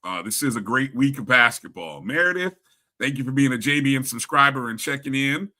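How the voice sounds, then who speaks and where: A man's voice: medium pitch, expressive, fairly quick. A man co-hosting a casual live sports talk stream, greeting viewers in the chat one by one. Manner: shouting out chat viewers by name, upbeat and chatty. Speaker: sports talk show co-host.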